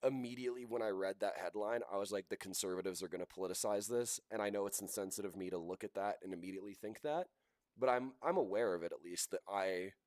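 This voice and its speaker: A man's voice: lowish voice, quick pace, a little mellow, no echo. A man hosting a livestream, reacting to posts with indignant commentary. He repeats himself and laughs scornfully. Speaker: livestream host.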